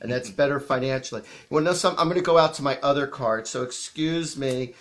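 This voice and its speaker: A man hosting a live psychic show, chatty and animated as he tells stories and acts out quotes, a bit sniffly from allergies. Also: mid-range voice, quick pace. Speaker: psychic medium host. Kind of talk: casual live-stream storytelling.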